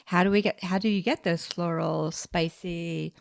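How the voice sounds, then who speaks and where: A woman's voice: fairly low pitch, steady tone, normal speed, vocal fry, no echo, studio quality. A woman co-hosting a podcast, adding thoughtful remarks and affirming her guest in a casual chat. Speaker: podcast co-host.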